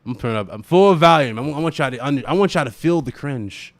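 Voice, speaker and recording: A man hosting a gaming livestream, ranting and laughing in animated, profane casual chat. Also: mid-range voice, quick pace, no room sound.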